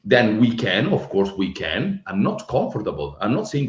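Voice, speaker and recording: A man co-hosting a football podcast over a video call, his voice lively and swinging in pitch as he makes his points. He sounds a bit dull and roomy, as if he were in an echoey space. He talks emphatically and often repeats himself. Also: moderate pace, hardly any pauses. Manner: animated, emphatic, repeats words when stressed. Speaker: podcast co-host. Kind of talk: casual football podcast chat. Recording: roomy, slightly dull remote audio.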